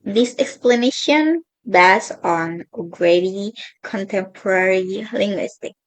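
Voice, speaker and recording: A woman's voice: mid-range voice, slow pace, low-quality recording. A young woman reading out her class presentation on linguistics, carefully stressing each example word. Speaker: student presenter.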